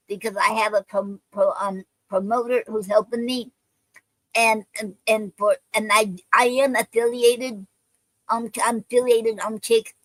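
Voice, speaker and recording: A woman chats with viewers on a live stream at an unhurried, halting pace, often stopping to restart. Her voice sits at an ordinary pitch and sounds dry and close to the mic. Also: dry recording, rough recording. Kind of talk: casual live-stream chat, leading a poetry writing session.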